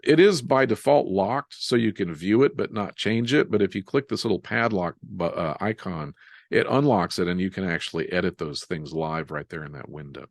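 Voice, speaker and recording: A man teaching a live software webinar, explaining each step as he types and joking about his own typos. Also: sits low, normal speed, no echo. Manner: relaxed, self-deprecating, walks through steps while typing. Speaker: software instructor.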